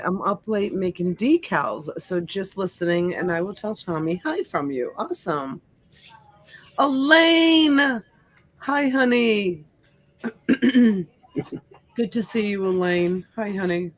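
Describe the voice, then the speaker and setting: A woman's voice: mid-range voice, no echo. A middle-aged woman, born in Sicily and raised in the US, hosting a casual livestream and greeting viewers by name. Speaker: livestream host. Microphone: desk USB mic.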